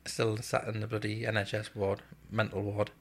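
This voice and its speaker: A man's voice: lowish voice, completely flat delivery, moderate pace. A man telling a story from his service days in a podcast chat, blunt and swearing freely, often laughing as he talks. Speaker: guest, former RAF serviceman.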